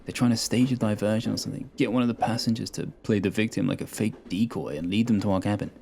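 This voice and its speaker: A man voicing Lee, a cautious male agent who speaks quietly and hesitantly in a sci-fi audio story. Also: lowish voice, steady tone, fast talker, vocal fry, slight background noise. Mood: uneasy.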